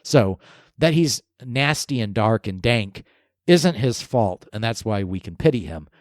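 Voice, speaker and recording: A man's voice: on the low side, unhurried, no room sound, clean studio sound. A man co-hosting a gaming podcast, rambling in casual chat and chuckling as he talks. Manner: animated, rambling, chuckles while talking. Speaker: podcast co-host. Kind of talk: casual chat about video games.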